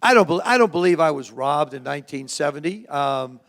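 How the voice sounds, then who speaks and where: A man around seventy, from New Jersey, telling lively, self-mocking stories to a live audience as a former quarterback and guest speaker. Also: a little high, a little fast. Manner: lively anecdotes with self-mocking humor, frequent restarts. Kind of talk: storytelling talk to a live audience.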